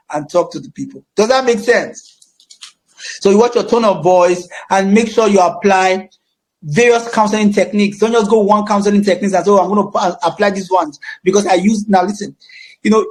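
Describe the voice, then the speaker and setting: A Nigerian man facilitating a counseling course, speaking emphatically with a projecting voice and often repeating his phrases. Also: high-pitched. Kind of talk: teaching a class.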